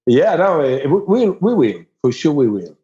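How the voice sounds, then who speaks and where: A man from Spain with a Spanish accent, a musician guest telling stories in a casual, animated way. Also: on the high side, moderate pace. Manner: animated, laughing storyteller. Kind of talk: casual storytelling interview. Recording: dull lo-fi sound.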